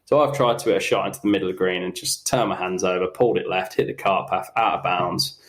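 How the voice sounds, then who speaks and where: Young bloke, lowish voice, all over the place with it, laughing at himself through a golf story. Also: male voice. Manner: animated, self-mocking anecdotes with quick asides. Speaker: professional golfer guest. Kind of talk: casual podcast storytelling.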